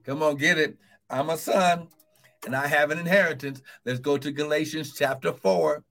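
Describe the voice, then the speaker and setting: A man preaching a sermon to an online audience, fervent and breaking into shouts, calling out repeated encouragements. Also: a little high, fairly even intonation, normal speed, gravelly. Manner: fervent, bursts into shouts of "woo, glory"; calls out repeated encouragements to listeners. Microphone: streaming live to online viewers.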